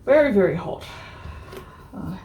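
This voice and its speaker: A woman's voice: mid-range voice, big pitch swings, measured pace, narrow, tinny audio, heavy background noise. A woman vlogger chatting frankly while she works on a craft project, with mild swearing and many restarts. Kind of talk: casual chat while crafting.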